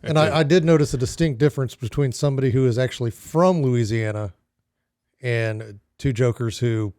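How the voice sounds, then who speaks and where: A man from Kansas, a podcast co-host who trades quick teasing banter in casual chat. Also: medium pitch, darkish tone, no room sound, clean studio sound.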